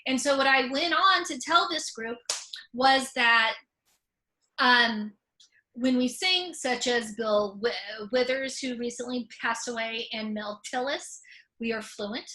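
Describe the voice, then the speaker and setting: Woman, stutters on first sounds, frank and funny, bright forceful tone, a bit high, video call. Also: slow, rough recording. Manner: frank and humorous. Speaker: author and comedian. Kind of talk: conversational talk.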